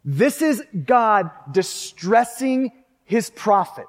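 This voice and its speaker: A man's voice: high voice, lively intonation, takes it slowly, in a large hall. A man preaching a fervent sermon, reading scripture aloud and asking his listeners questions. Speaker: pastor.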